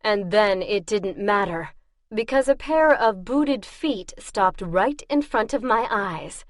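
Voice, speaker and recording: Woman narrator, fantasy audiobook, first person, slow, wry, dry close-mic sound. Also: mid-range voice, expressive, dry recording.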